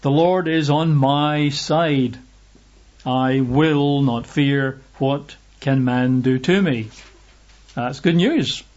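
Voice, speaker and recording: A man's voice: mid-range voice, extremely slow, a little mellow, lo-fi sound. A man preaching a sermon and reading Bible verses aloud, stressing his points by repeating phrases.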